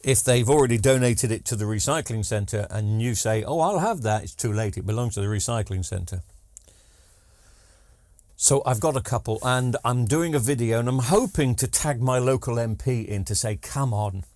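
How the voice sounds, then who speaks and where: A man's voice: mid-range voice, normal speed, a little mellow, dry recording, studio quality. A man, rambling casually through a TV repair vlog with joking asides and lots of ums. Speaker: TV repair vlogger. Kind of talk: casual chatty workshop vlog.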